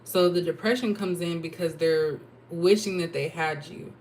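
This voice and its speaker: Woman tarot reader, lowish voice, casual and rambling, faint background noise. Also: normal speed, darkish tone. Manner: chatty, thinking aloud with fillers and asides. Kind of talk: casual tarot reading to camera.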